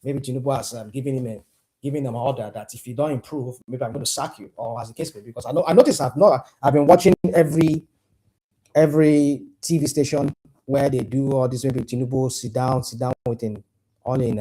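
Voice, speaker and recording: Impassioned Nigerian man, dark voice. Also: mid-range voice, brisk, breathy edge. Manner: impassioned, repetitive, asks pointed questions. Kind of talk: heated political commentary.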